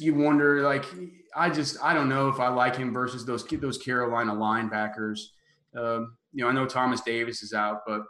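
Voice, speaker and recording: A man in an echoing room talks sports in a loose, halting way. He restarts his sentences often and leans on fillers. His pitch sits mid-range for a man. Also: a bit bright. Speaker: podcast host. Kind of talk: casual sports chat.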